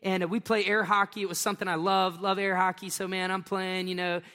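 A man's voice: high-pitched, level tone, fairly quick, pushed and bright. A middle-aged man preaching a sermon as a pastor, telling stories with joking asides and laughing at his own jokes. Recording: long reverb of a large hall.

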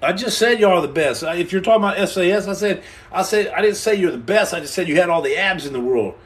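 High-voiced, playful American man. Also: fast talker. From United States. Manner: animated and playful, acts out scenes and repeats himself; stammers and restarts. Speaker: livestream host answering viewer questions. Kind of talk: joking live-stream chat.

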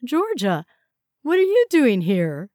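Woman playing gentle confused man, polite, bewildered, storybook character, dry sound. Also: on the high side, huge pitch swings, slow pace, dry recording, pitched above the performer's own voice, full character voice.

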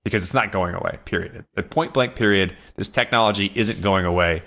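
A man's voice: low-pitched, a little fast, fairly bright tone. A man co-hosting a podcast, talking in an earnest pep-talk manner in casual chat. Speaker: podcast co-host.

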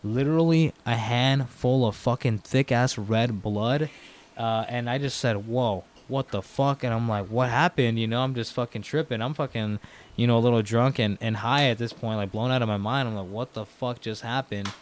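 A young man guesting on a podcast tells a story in casual conversation, using a medium-pitched voice at a moderate pace with slight background noise. He's animated, swears heavily, and acts out the dialogue of the people he quotes.

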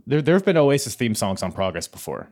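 A man's voice: medium pitch, very animated, fast, darkish tone. A man hosting a casual wrestling podcast, talking in laid-back banter and laughing often. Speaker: podcast host.

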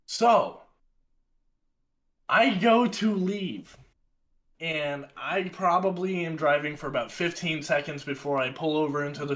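Profane animated young man telling a story. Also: high-pitched. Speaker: podcast co-host telling a story. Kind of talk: casual storytelling.

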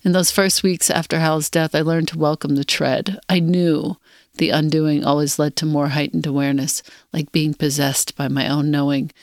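A podcast host reads a passage from a guest's book aloud and expressively. The mid-pitched voice sounds dry and close, with no room echo around it. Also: normal speed. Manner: expressive reading, brief listening murmurs.

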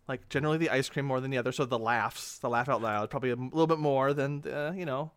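Dry-sounding man thinking out loud. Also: medium pitch, fast, clear, resonant tone, no echo. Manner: rambling, hesitant, thinking aloud. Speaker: podcast co-host. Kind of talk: casual movie discussion.

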